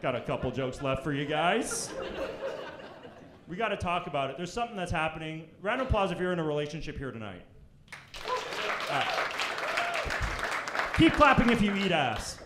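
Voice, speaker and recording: A brash young man from Canada doing stand-up on a club stage, his voice fairly high and swinging all over the place. He talks crude and quick, jumping into loud squeaky voices for the people he quotes. The room rings with echo, and a crowd laughs through it. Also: very animated, very noisy. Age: young adult. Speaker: stand-up comedian. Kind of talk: stand-up set. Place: comedy club stage before a live audience.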